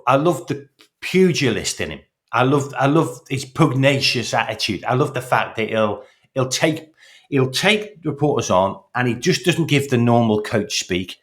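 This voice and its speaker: A man co-hosting a football podcast in casual, animated chat, often repeating words as he starts a thought. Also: mid-range voice. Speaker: podcast co-host.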